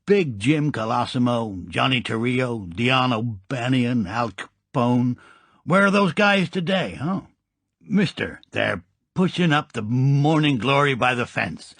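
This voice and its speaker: A man voicing a grinning American gangster in an audiobook, talking in slangy, halting speech. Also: medium pitch, animated, fairly bright tone, no echo, heavily acted. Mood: boastful. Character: American gangster with a lip-curling grin, male.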